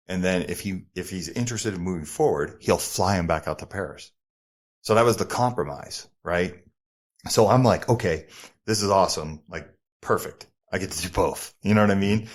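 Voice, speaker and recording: Telling the host about his past in a relaxed interview, a middle-aged New Jersey man and former model speaks low and animated. Profanity and rapid mimicry of the story's characters keep it moving.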